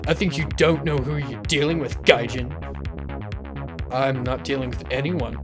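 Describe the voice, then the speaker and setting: A man's voice: mid-range voice, normal speed, music in the background, lightly acted. A man voicing a cocky, aggressive young male street punk while reading a visual novel aloud. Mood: taunting. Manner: taunting, aggressive.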